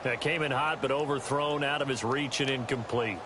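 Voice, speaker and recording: A man calling play-by-play for a football video game, measured between plays and rising on big ones. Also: medium pitch, steady tone, close to an everyday voice. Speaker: play-by-play announcer. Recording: loud game noise behind.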